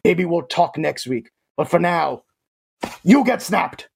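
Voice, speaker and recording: A man's voice: fairly high pitch, a little slow, vocal fry, breathy edge, heavily acted. A man putting on a comic voice of a boastful alien titan villain on a sports talk show, speaking with pompous theatrical grandeur. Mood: mock-grand. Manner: pompous, theatrical, playful third-person boasts. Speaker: fantasy football guest in character. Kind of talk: comic character bit on a sports podcast.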